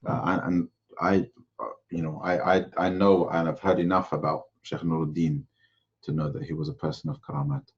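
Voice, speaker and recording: Low, husky male religious teacher. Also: fairly even intonation, a little fast, lo-fi sound. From Sylhet, Bangladesh. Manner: conversational, storytelling, frequent restarts. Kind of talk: informal lecture with anecdotes.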